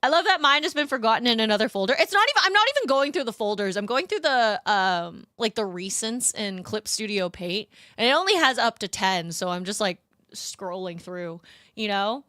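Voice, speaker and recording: A woman's voice: mid-range voice, expressive, brisk, bright, forceful tone, no echo, clean studio sound. A young woman streaming as a VTuber, chatting in a casual, rambling way with cutesy slang. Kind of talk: casual live-stream chat.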